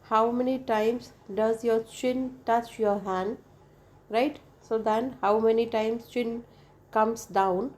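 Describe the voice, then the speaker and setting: Slow, patient woman teaching English. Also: a little high, fairly even intonation, a little mellow. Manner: repeats points, spells out vowels one by one; frequent "right?" checks with the listener. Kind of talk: explanatory lesson.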